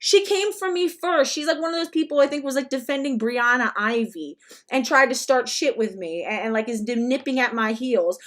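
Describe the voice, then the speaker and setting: A woman's voice: high voice, normal speed, fairly bright tone. A woman giving ranting reaction commentary in a blunt, profane, emphatic way. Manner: blunt, profane and emphatic, with mocking put-on quotes. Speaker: commentary vlogger.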